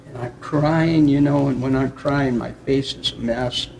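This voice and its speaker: A man, a pastor from the Upper Midwest of the US, earnestly telling his personal testimony in conversation, with reflective storytelling and soft chuckles. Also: medium pitch, fairly even intonation, measured pace, gravelly, hardly any pauses, slight background noise.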